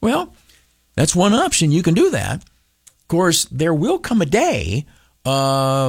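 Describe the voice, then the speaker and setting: Animated radio man with lively pitch. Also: a little slow, slightly rough, no room sound, clean studio sound. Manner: animated, breaks into mocking high voices, many filler uhs. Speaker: radio broadcaster. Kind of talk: motivational talk.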